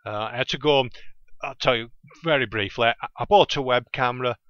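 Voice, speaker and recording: Podcast host, Lancashire man, bright clear voice, chatty and rambling, lo-fi dry home recording. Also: medium pitch, fairly quick, dry recording. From England. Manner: chatty, self-interrupting, loses his train of thought. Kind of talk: casual rambling monologue.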